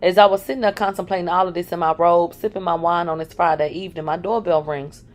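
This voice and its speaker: A woman's voice: on the low side, steady tone, fast talker. A woman reading a first-person memoir aloud, candid, and breaking in with sarcastic asides. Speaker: reader of a memoir.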